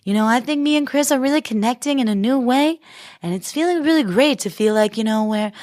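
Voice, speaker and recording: Woman doing a gushing young reality-show girl, high sweet coo, dry close sound. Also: lively intonation, a little fast, a little mellow, no room sound, lightly acted. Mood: gushy. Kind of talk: comic impression.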